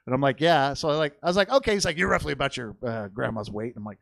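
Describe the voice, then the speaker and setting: This young man's stand-up bit is a crude family story, told profanely from a comedy theater stage, with him voicing impressions of everyone in it. He speaks at a medium pitch in a rapid-fire rush, his intonation lively, his tone a bit bright and edged with vocal fry. There is no echo.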